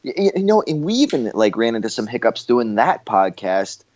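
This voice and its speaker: A man's voice: mid-range voice, very animated, brisk, darkish tone, dull audio. A man from Canada, co-hosting a podcast in laid-back, rambling casual chat. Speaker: podcast co-host.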